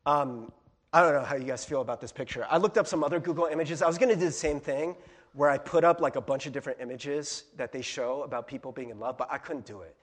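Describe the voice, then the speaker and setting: A pastor preaching a sermon in a chatty, casual way, often checking in with "right?" and acting out playful impressions. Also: male voice, mid-range voice, fast talker.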